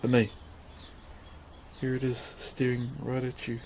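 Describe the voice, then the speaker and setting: Relaxed New Zealand man streaming as he carves, slangy and easygoing, slow delivery, light noise behind. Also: medium pitch. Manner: laid-back, laughs often, slangy. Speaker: streamer and woodcarver. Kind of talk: casual live-stream chat while carving.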